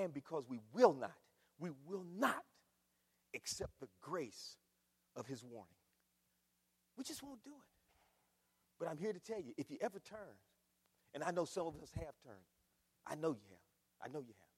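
A middle-aged man preaching a sermon in a church, swinging between shouts and hushed, emphatic lines. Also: fairly high pitch, sing-song, moderate pace, long pauses, slightly rough. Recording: long reverb of a large hall.

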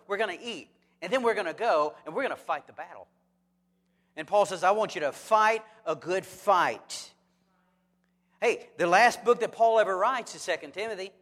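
A pastor with a somewhat high voice delivers a sermon, firing rhetorical questions at his listeners and dropping in jokes. His voice rings out with a long hall reverb, as in a church sanctuary. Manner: lively, asks the congregation rhetorical questions; joking asides.

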